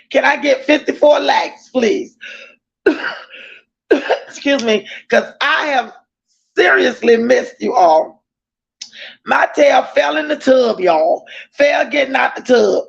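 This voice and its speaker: A woman hosting a casual livestream, effusively greeting viewers by name and often calling out loudly, with the odd cough. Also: high-pitched, slow pace, gravelly, long pauses. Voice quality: coughs between lines. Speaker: livestream host. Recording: dull lo-fi stream audio.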